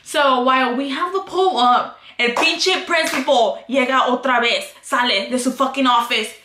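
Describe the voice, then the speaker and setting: A woman's voice: sits high, normal speed, bright, forceful tone, slight background noise. A woman vlogger telling a casual story, swearing constantly and switching into Spanish. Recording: echoey room.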